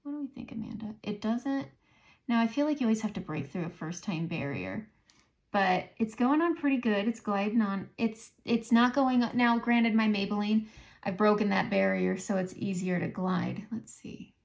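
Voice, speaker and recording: A woman with a Southern American accent chats her way through a makeup tutorial, narrating each step and muttering to herself as she goes. Her voice sits at a middle pitch with a gravelly, creaky edge. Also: normal speed, darkish tone. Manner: chatty, thinking aloud, self-talk while applying makeup. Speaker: beauty vlogger. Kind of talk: casual makeup tutorial chat.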